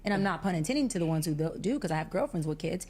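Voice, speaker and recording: A woman's voice: lowish voice, lively intonation, rapid-fire, darkish tone, slight background noise. A woman in her fifties, speaking frankly and bluntly as an interview guest in casual talk. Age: 50s.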